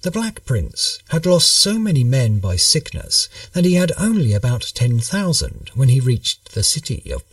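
A man narrating a history story in a measured, storytelling manner. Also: mid-range voice, dry recording, distant mic.

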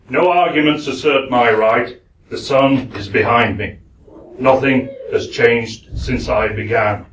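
A man's voice: medium pitch, fairly bright tone, a little hiss or hum, natural voice. A proud, ruthless hawk, recited by a Yorkshire man. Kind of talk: poetry recital. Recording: echoey room, speaker far from the mic.

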